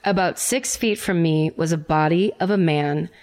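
A woman's voice: on the low side, normal speed, a little mellow. A woman co-hosting a podcast, reading a listener's story aloud in a wry, casual way and laughing often.

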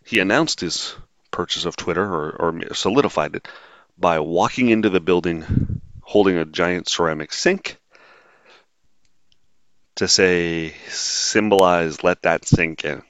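A man's voice: deep voice, measured pace, pauses often, a bit bright, no room sound. A man hosting a podcast, talking on his own in a rambling, wry and sarcastic way, full of ums and uhs. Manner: rambling, wry and sarcastic, frequent filler words. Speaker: podcast host. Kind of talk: casual solo monologue. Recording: dull, dry lo-fi sound.

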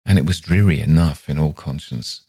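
A man reading a classic ghost story aloud as a podcast narrator, in a measured, unhurried way. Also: a bass voice, warm tone, slightly rough, no room sound.

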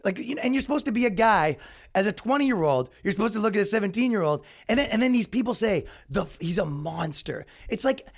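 Young man, podcast host; exasperated comedic ranter, high-pitched and very animated. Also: fast talker. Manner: exasperated, ranting, mocks others in put-on voices. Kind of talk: solo comedic rant.

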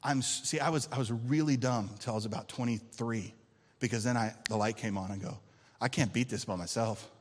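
A male pastor preaching a sermon to his church, shifting between loud emphatic lines and quiet intense ones and calling out for amens. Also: medium pitch, brisk, big-room sound, slight background noise. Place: church sanctuary.

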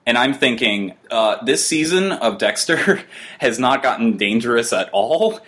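A man co-hosting a TV review podcast, talking in a casual, sarcastic, exasperated way, spinning animated riffs about what he watched. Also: mid-range voice, a little slow.

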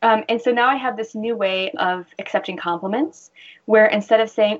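A woman's voice: medium pitch, normal speed, dull audio. A woman who works as a bra fitter, talking earnestly in a casual interview and telling stories with animation.

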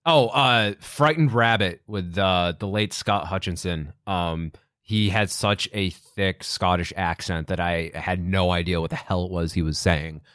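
A man hosting a podcast in a casual chat, rambling with lots of ums and quick laughs. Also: deep voice, fairly bright tone, clean tone, dry recording, clean studio sound. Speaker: podcast host.

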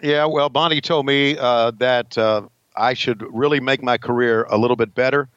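A man's voice: fairly even intonation, moderate pace, fairly bright tone, clear, resonant tone, dry recording, highs cut off, natural voice. A man playing a frustrated veteran male wrestler who rants and swears backstage. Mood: grumbling. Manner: profane, rambling, raised pitch, mock-angry.

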